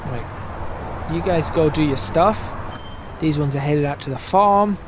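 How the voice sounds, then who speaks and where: A man's voice: fairly high pitch, slow pace, background noise. Musing man narrating gameplay. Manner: thinking aloud, musing and self-correcting. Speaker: gaming channel host. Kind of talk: casual gameplay commentary. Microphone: desk microphone, voice drifting in and out.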